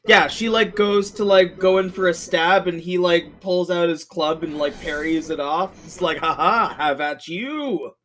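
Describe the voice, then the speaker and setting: A man's voice: sits high, fairly even intonation, normal speed, hardly any pauses, fairly bright tone. A man playing in a tabletop game, describing his character's moves in a hesitant way, with many fillers. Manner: hesitant, filler-heavy narration. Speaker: player.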